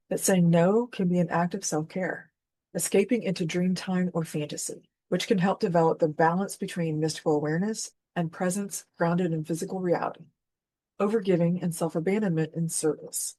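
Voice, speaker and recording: A woman's voice: fairly low pitch, mellow, no room sound. A woman hosting a spiritual talk, telling a personal story in an earnest, candid, conversational way. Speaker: host.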